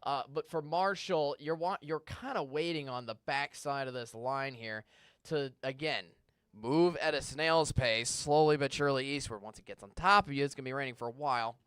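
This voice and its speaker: A man doing a live weather Q&A from a TV studio, chatting casually through viewer questions and now and then hunting for a word. His voice is smooth and clear, mid-pitched, and recorded close with no room sound. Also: moderate pace, fairly bright tone, dry recording. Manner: conversational, reads viewer questions aloud; stumbles and restarts when searching for words. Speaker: meteorologist. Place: TV station studio.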